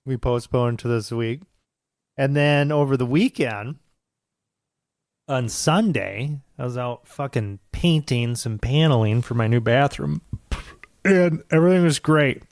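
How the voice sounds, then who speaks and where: A man's voice: medium pitch, a little slow, dry recording, studio quality. A man, co-hosting a podcast and telling rambling, profanity-laced stories in casual chat. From United States. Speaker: podcast co-host.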